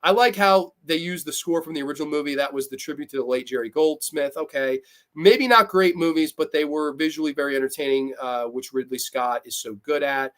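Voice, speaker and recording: A man's voice: a little high, brisk. Blunt, profane man reviewing films. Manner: blunt, profane, animated, laughs often, mocks characters in put-on voices. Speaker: host. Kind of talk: livestream film review, reading chat comments.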